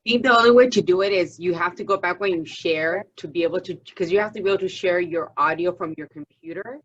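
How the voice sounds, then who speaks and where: A woman's voice: fairly low pitch, expressive, fast, breathy edge. A woman taking part in an online workshop, helpfully explaining something on a muffled video call. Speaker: workshop participant. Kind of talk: casual remark on a video call.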